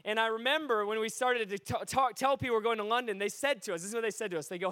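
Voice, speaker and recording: A high-voiced man preaching to a crowd, telling lively stories that climb from hushed asides to shouted peaks. The sound is close and dry, with little room echo. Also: quick pace, few pauses, clean tone. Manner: animated, swings between hushed and shouting. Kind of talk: sermon storytelling.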